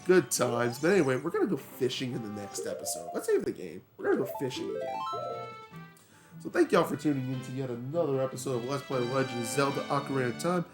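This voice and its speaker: A man talks through his gameplay in a relaxed, chatty way and weaves a personal anecdote in between moves. His mid-range voice swings up and down with plenty of life. Soft game music plays underneath. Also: medium pitch, fast. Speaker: let's play host. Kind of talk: casual gameplay commentary with storytelling.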